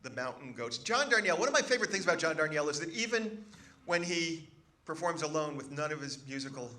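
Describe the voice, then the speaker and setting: A man's voice: a little high, big pitch swings, fast, sharp tone. A man, a comedian, telling a funny story on stage with a dry, wry delivery. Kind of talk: stand-up storytelling. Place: stage with live audience. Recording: live show with audience laughter.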